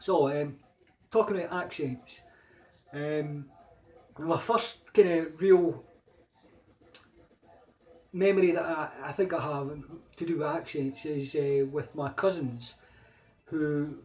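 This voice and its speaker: A middle-aged man with a Scottish accent, speaking a little higher than most men, chats straight to camera. He tells stories in a loose, hesitant way, then turns emphatic as he replays past run-ins. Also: slow pace, pauses often, a little mellow. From Scotland. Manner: rambling and hesitant, turning emphatic when replaying arguments. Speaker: vlogger. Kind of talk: casual anecdotal storytelling.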